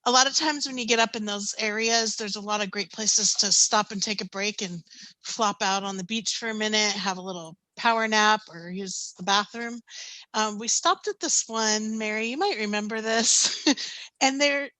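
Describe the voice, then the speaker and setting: Woman, fifties, panel storyteller with a bright, clear tone; animated, laughs a lot, dry close sound. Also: mid-range voice, normal speed, no room sound, rough recording. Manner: animated anecdotes, laughing often, many ums. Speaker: panelist, canoe skipper.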